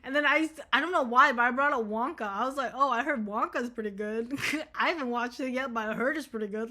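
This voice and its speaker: A young woman vlogging casually, telling a rambling story full of swearing and animated retellings. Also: a little high, quick pace. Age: young adult.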